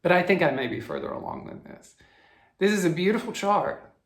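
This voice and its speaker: A man's voice: high-pitched, wildly swooping pitch, vocal fry. A man with a Southern US accent, chatting casually about his cross-stitch projects, stopping and restarting his sentences often. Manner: halting, with frequent restarts and self-corrections. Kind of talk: casual show-and-tell chat. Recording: roomy echo.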